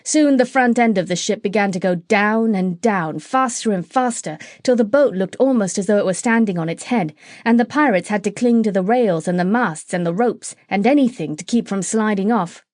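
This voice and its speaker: A woman narrating a children's classic audiobook in a clear, steady reading voice. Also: mid-range voice, moderate pace, dry recording, studio quality. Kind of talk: storybook narration.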